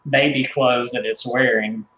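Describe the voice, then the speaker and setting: A man's voice: mid-range voice, fairly even intonation, unhurried, a bit bright, roomy sound, a little hiss or hum, low-quality recording. A male guest on a radio talk show, explaining things in a hesitant way with many fillers and self-corrections. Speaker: guest, doll collector. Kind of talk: casual interview.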